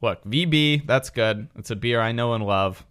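A man's voice: medium pitch, moderate pace, a bit bright, clean tone. A man hosting a podcast, chatting jokingly and then reading facts aloud in long runs. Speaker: podcast host. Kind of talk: casual chat with read-aloud facts.

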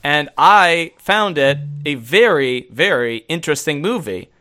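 A man co-hosting a casual chat, talking in an animated, rambling way with many fillers and frequent laughs. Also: on the high side, a little slow. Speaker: podcast co-host.

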